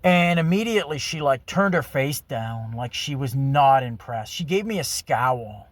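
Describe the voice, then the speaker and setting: A man's voice: medium pitch, lively intonation, measured pace, no echo. A man telling a personal story in a rambling, casual monologue full of fillers and crude language. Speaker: vlogger.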